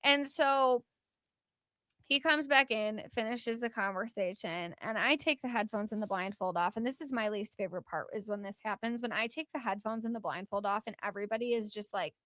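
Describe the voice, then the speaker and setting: A woman's voice: on the high side, fairly quick, no echo. A woman hosting a podcast, telling a story in casual chat with lots of fillers and acted-out quotes. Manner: animated, lots of filler words, acts out quotes. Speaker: podcast host.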